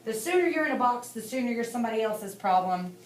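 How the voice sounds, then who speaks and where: A woman voicing a gruff adult male soldier guard who barks curt orders in an audiobook. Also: on the high side, animated, fast, lightly acted. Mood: sneering. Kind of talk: audiobook character voice. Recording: echoey room, distant mic, faint hiss.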